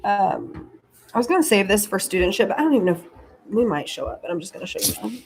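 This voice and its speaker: A woman's voice: medium pitch, fast, slight background noise. A woman hosting a casual spiritual talk from her home, telling stories animatedly and acting out her conversations with God. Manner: animated storytelling, acting out her talks with God in shifting voices. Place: at home, indoors.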